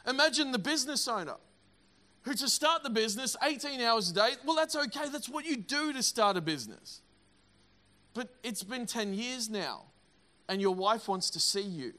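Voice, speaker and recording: A middle-aged man preaching a sermon, energetic and emphatic, often repeating words. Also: very high voice, moderate pace. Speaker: pastor.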